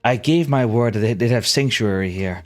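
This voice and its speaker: A man's voice: mid-range voice, moderate pace, faint music behind, natural voice. A man voicing a cold, threatening tribal leader woman. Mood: menacing. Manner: commanding, contemptuous.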